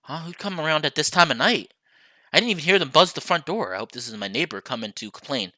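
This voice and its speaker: A man's voice: fairly high pitch, lively intonation, fast talker, bright, forceful tone, no echo. A young man streaming a visual novel, reading it aloud and chatting to viewers in a playful, apologetic way.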